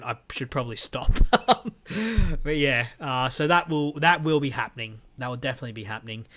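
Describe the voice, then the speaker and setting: A man's voice: medium pitch, fairly bright tone. A man hosting his own podcast from a room at home, chatting loosely with lots of fillers. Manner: chatty, rambling with fillers and restarts. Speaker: podcast host. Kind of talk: casual solo podcast sign-off. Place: home room with weights and a guitar.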